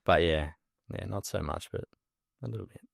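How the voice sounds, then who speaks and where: A man's voice: low voice, normal speed, creaky. A young Australian man, a guest in a casual interview, telling stories animatedly with lots of fillers and laughs.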